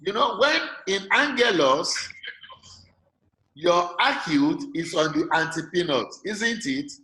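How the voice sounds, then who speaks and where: A man's voice: sits high, lively intonation, takes it slowly, pushed and bright. A man with a Nigerian English accent teaching an online class, patiently checking that his students follow. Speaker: lecturer. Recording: echoey room, faint noise.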